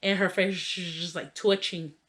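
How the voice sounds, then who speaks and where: A woman's voice: fairly low pitch, steady tone, moderate pace, a bit bright. A young adult woman vlogger telling a funny childhood story in a casual, chatty way, full of "like" and "you know" fillers. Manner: laughs while telling the story.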